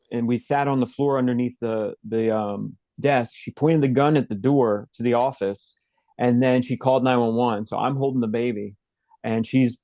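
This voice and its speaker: Man, interview guest, mid-pitched, halting rambler full of fillers, dull dry recording. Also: warm tone, dry recording. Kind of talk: personal storytelling in an interview.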